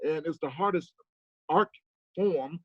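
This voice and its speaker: A man, a guest comedian, chatting casually on a video call and acting out family stories with animated delivery. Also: on the high side, takes it slowly, breathy edge, dry recording, lo-fi sound. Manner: animated storyteller, mimics his dad. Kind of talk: casual chat.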